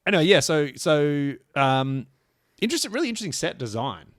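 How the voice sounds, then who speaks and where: A man's voice: a little high, sing-song, brisk, no echo. Joking man in a dry studio. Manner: joking, rambling, self-deprecating. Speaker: podcast co-host. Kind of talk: casual chat.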